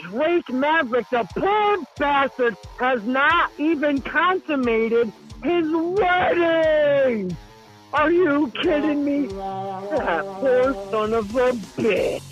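A man doing a shrill, hyped-up wrestling gossip caller. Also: a little slow, music in the background, rough recording. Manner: breathless, excitable, shouting. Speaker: hotline caller. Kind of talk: comedic podcast bit.

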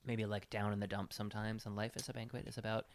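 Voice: mid-range voice, little pitch movement, fast talker, slight background noise. A podcast co-host in casual chat, joking and riffing on improvised bits with a laugh.

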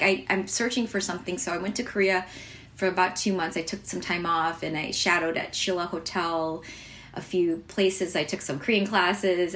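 Speaking in a fairly low, fairly bright voice, a chef from the United States recounts her story for an interviewer, chatting freely with plenty of fillers, false starts, and occasional laughter.

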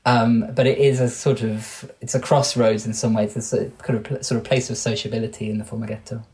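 A man's voice: mid-range voice, little pitch movement, brisk, darkish tone. A man in his thirties from Wales with an English accent, a guest on an interview podcast who speaks thoughtfully and keeps restarting and correcting his sentences. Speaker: guest researcher.

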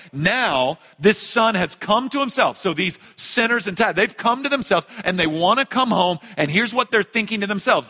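A man preaching a sermon as a pastor, swinging between loud emphatic lines and hushed ones. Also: high-pitched. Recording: echoey large hall.

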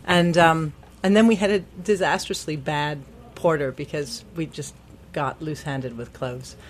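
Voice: medium pitch, steady tone, a little slow, slight background noise. Chatty guest telling beer stories. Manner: chatty storyteller, frequent ums. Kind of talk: casual radio chat.

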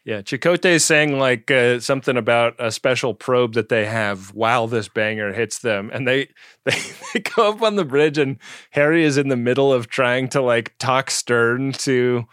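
A man co-hosting a comedy podcast, retelling a TV plot in a loose, rambling way. His pitch is ordinary for a man. The sound is close and dry. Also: normal speed, a bit bright, clear, resonant tone, no echo. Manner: laid-back, lots of "like" and "uh", laughs easily. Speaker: podcast co-host. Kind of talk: casual comedic recap chat.

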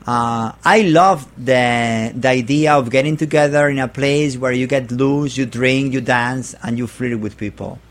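A man speaking English as a second language, chatting as a guest, halting and repeating words as he searches for phrasing. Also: medium pitch. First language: not English. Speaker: guest artist. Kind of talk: casual interview chat.

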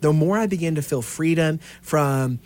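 An earnest man co-hosting a casual theology podcast, his voice sitting a little high for a man. He talks in an animated, storytelling way, building on each point with eager enthusiasm. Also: normal speed. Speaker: podcast co-host.

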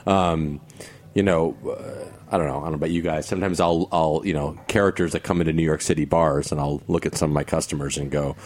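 A man's voice: very deep voice, steady tone, quick pace, a little mellow. A man, a guest actor on a radio talk show, speaking in a thoughtful, wry way.

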